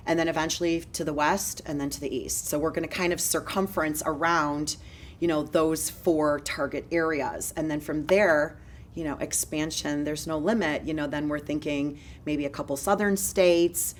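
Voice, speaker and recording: A woman in her forties, a real estate broker, telling her story in an energetic, fast-moving interview style. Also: deep voice, a little hiss or hum.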